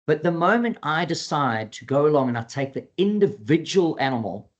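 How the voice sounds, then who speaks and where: A man's voice: a little high, moderate pace, dull audio. A man who trains dogs giving an earnest educational webinar talk, repeating his key points and acting out quoted dialogue. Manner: acts out quoted dialogue in a lively voice. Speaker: dog behavior trainer.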